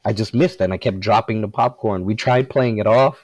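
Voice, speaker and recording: A man's voice: lowish voice, moderate pace, a little mellow, dry recording, low-quality recording. A man, a former cast member, telling a funny story from the set in casual chat, laughing often.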